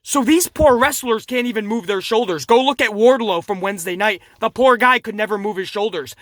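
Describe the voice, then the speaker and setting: A man rants through a wrestling recap, swearing and laughing as he goes. His voice has a bright, forward edge. The sound is dry and close. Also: sits high, fairly quick, no room sound. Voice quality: animated, swearing, laughs at his own jokes. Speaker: wrestling show reviewer. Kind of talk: casual profane commentary.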